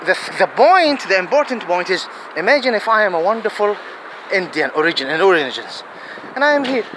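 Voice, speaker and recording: A vlogger whose first language is Arabic gives an earnest, casual monologue outdoors in a city, in a fairly high voice with big pitch swings and a brisk pace. He digresses, doubles back and repeats his phrases, while wind buffets the mic loudly.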